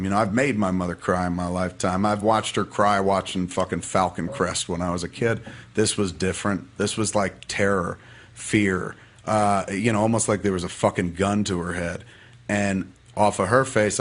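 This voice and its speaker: A man's voice: low-pitched, a bit bright. A man casually telling a personal story as a podcast guest, profane and rambling but heartfelt.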